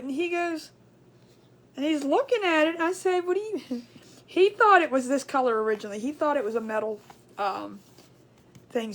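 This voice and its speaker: A high-pitched woman chatting on a crafts livestream. She rambles, retells conversations and stretches out her hellos to viewers in a sing-song way. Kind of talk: casual livestream chat.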